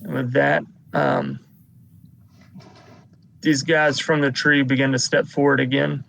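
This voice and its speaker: A man with a gravelly edge to his voice runs a tabletop game as game master. He walks through each combat turn at an unhurried pace, with a faint hiss of noise under him. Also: medium pitch, flat delivery, fairly bright tone, poor audio. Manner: unhurried narration of combat turns.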